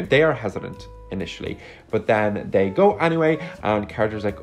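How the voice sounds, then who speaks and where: A man's voice: mid-range voice, animated, moderate pace, faint music behind. A man giving a casual, rambling and sarcastic movie review into a phone mic at home. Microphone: phone microphone.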